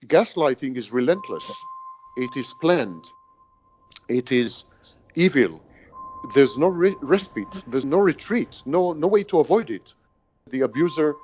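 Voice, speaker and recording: A man's voice: medium pitch, darkish tone, muffled recording. A man explaining gaslighting in a grave, emphatic way, like an expert. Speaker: expert on narcissistic abuse. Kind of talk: explanatory commentary.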